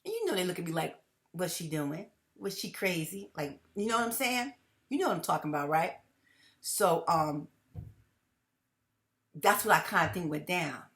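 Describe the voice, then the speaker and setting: A middle-aged woman with a lowish, slightly bright voice hosts her own commentary channel. She addresses viewers emphatically, repeating phrases and laughing between points.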